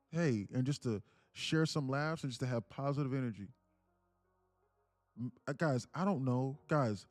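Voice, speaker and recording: Streamer host, young guy, warm mellow voice, dry close sound, heartfelt and rambling. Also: mid-range voice, no echo. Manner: earnest, repetitive, calls listeners "man" and "bro"; reads chat aloud. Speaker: livestream trading host. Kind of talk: casual motivational livestream talk.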